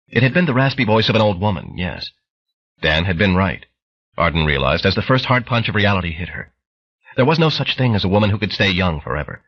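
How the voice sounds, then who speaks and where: Male audiobook narrator, dramatic, lively pitch, husky, dull lo-fi. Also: fairly quick. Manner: dramatic storytelling. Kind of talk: scripted narration.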